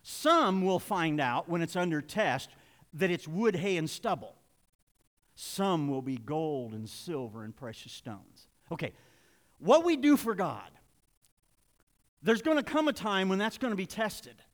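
A man's voice: sits high, big pitch swings, unhurried, in a large hall. An older man preaching a sermon in a church, folksy and confessional, building to emphatic points. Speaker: pastor. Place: church sanctuary.

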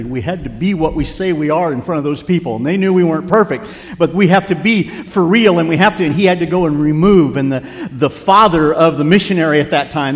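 An older man preaching a sermon as pastor, moving between loud exhortation and hushed, near-whispered lines. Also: on the high side. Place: church sanctuary. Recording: long church reverb.

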